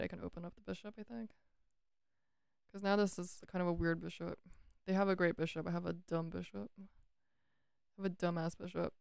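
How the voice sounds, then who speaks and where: A woman's voice: lowish voice, gravelly, smooth, dry recording. Female chess streamer, casual self-talk, clean dry voice. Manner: chatty, self-talking, swears playfully; breaks into sung lines.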